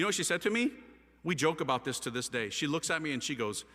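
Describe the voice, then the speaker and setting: A middle-aged man telling a personal story with lively, self-mocking energy, often acting out other people's voices. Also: mid-range voice, quick pace. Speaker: speaker telling his conversion story. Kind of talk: animated storytelling talk. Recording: long hall reverb.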